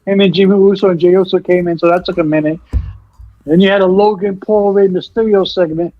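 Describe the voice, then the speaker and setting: A man co-hosting a casual wrestling chat, excitable and swearing as he retells scenes. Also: high-pitched, brisk, dry recording, dull audio, soft background music. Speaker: co-host.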